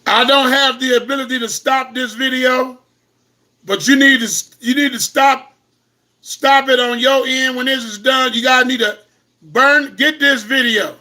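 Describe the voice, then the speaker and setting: Brief: impassioned male host, very high bright voice, slow deliberate delivery, preaches and shouts at viewers. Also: steady tone. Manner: impassioned, repetitive, bursts into shouting. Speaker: host of an online talk. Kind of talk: fiery preaching-style lecture to online viewers.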